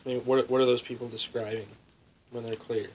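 A man's voice: medium pitch, flat delivery, brisk, a little mellow, poor audio. A man in casual conversation, asking short questions and giving brief responses. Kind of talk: casual chat. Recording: faint background noise.

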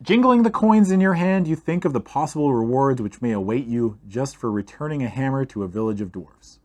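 A man reading a fantasy gamebook aloud in a steady storytelling voice, speaking to the listener as "you". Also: mid-range voice, brisk. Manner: steady storytelling read-aloud, second person. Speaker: game reader.

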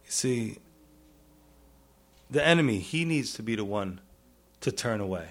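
Animated but unhurried, a pastor gives an earnest sermon with pleading rises and quiet low drops, sprinkling in "you see?" and "right?" again and again.

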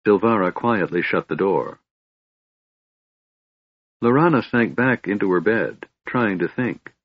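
Steady male fantasy narrator, low and husky, dull dry recording. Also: measured pace, no echo. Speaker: audiobook narrator.

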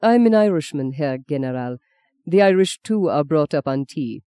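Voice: mid-range voice, expressive, normal speed, warm tone, clean tone, no room sound, natural voice. A reader voicing a direct, modest Irish archbishop who speaks plainly.

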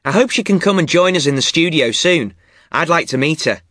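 Brief: a wry male podcast host, bright, lively pitch, dry close sound. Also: brisk, no echo. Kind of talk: scripted podcast chat for learners.

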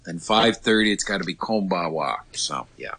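A slightly hoarse man from Ireland, chatting as a radio correspondent, rambling with many fillers and restarts. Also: low-pitched, animated, normal speed, pushed and bright. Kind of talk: casual radio phone interview.

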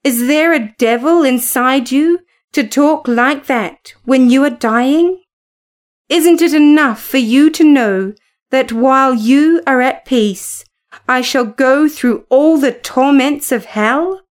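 A woman's voice: high voice, slow. A woman reading the lines of a passionate, brooding young man in a storybook, urgent and commanding. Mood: pained. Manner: urgent, pleading then commanding.

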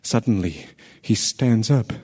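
A man's voice: fairly low pitch, animated, slow, darkish tone, slightly rough, exaggerated voice. A man voicing a messenger who vividly recounts a tragedy in a radio drama. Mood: urgent. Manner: vivid storytelling. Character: urgent male messenger telling of tragedy.

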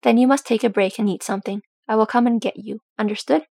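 A woman's voice: on the high side, steady tone, fast talker, creaky, mellow, slightly rough, no echo. A woman voicing a firm old male dwarf grandfather who gives advice. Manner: firm, advising.

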